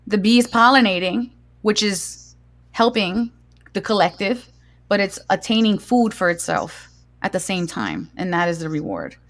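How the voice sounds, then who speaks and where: A woman's voice: mid-range voice, expressive, moderate pace. A woman from Puerto Rico hosting a spiritual talk show, affirming her guests and leading the segments. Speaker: host.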